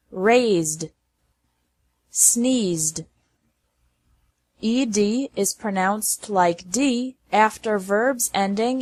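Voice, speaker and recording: A woman teaching English pronunciation, reading word lists slowly and enunciating each word with care. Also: mid-range voice, dry recording. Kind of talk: slow scripted lesson narration.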